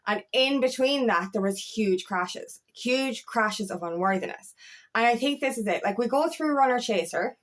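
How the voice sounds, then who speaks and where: A woman's voice: a little high, animated, moderate pace. A woman coach talking candidly and emphatically, swearing and restarting her sentences in a casual monologue. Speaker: feminine empowerment coach.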